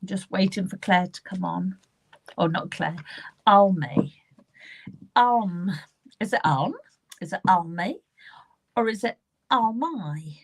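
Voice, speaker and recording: A woman's voice: on the low side, moderate pace, creaky, slightly rough. A woman giving live psychic readings, speaking earnestly and repeating herself as she addresses viewers by name. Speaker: psychic medium.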